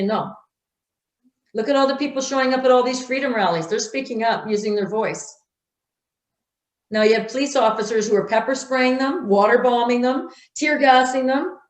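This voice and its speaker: A woman's voice: on the high side, reverberant. A woman speaking in an interview, blunt and emphatic, acting out quotes as she tells stories. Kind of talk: conversational interview.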